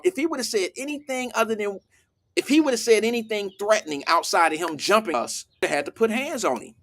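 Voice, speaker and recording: A man hosting a casual talk show, telling a story in an animated way and acting out what people said. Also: high-pitched, a little fast. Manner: animated storytelling, acts out quotes. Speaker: host.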